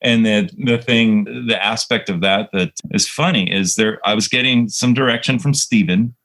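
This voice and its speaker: A low-pitched man talks casually as a guest in an interview. He tells reflective, rambling stories about his work, full of fillers and restarts. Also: moderate pace, fairly bright tone, poor audio. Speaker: composer guest.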